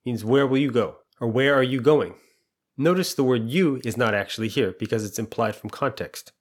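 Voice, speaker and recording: A man's voice: medium pitch, normal speed. A man explaining a language lesson patiently and step by step, asking quiz questions and walking through the answers. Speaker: language teacher.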